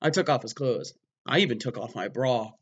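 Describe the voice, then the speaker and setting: A man giving a mock-dramatic reading of a story, breaking off for wry, deadpan sarcastic asides. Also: mid-range voice, a little fast. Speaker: comedic reader.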